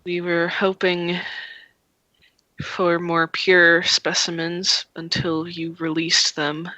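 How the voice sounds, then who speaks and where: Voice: medium pitch, monotone, slow, sharp tone, dry recording, rough recording. Game master voicing a cold, scheming lab director. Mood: bitter. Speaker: villain voiced by game master. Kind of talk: voiced role-play in a live-streamed tabletop game.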